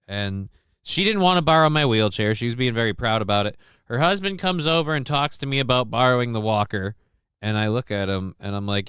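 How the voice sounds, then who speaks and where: A middle-aged man chats on his home live stream in a bright, clear voice, recorded close and dry with no room sound. He rambles, swears casually and reads viewers' comments aloud. When he quotes people he lifts into a livelier voice. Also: fairly low pitch, animated, a little fast, no room sound. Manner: quotes himself and others in livelier raised voice. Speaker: livestream host. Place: home desk.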